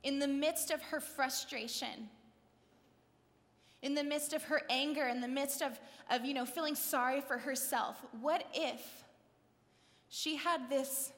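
Woman preacher, high voice, lively and chatty, acts out scenes, with a long hall echo. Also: a little slow. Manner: conversational, asks the audience questions. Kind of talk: sermon.

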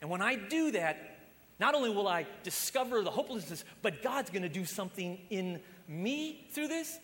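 A man preaching a sermon as pastor, impassioned and swinging between loud emphasis and hushed lines. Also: high-pitched, sing-song, moderate pace. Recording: long hall reverb.

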